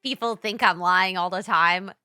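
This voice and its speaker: A woman's voice: lowish voice, normal speed, bright, forceful tone, clear, resonant tone, no echo, clean studio sound. A young woman from Brazil, a comedian, chatting casually as she reacts to a stand-up clip, often restarting her sentences.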